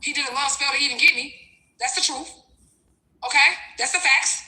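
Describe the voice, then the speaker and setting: Brief: high-voiced woman vlogger, bright and edgy, animated profane storytime rant, echoey room. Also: brisk. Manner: animated, profane, talks straight to viewers. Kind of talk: ranting storytime, reading out messages.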